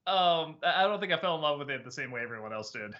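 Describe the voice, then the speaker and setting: A man with a bright, forceful voice and a lively, swinging pitch chats casually on a livestream. He laughs often and stumbles over restarts as he answers questions. The sound is a bit dull and lo-fi. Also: fast talker. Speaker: show host answering chat questions.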